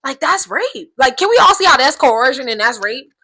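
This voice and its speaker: A woman's voice: high-pitched, big pitch swings, moderate pace, sharp tone, low-quality recording. A young adult woman giving casual commentary, outspoken and emphatic, often checking in with "right?". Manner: emphatic, keeps asking "right?"; outspoken, swears freely. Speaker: commentary vlogger.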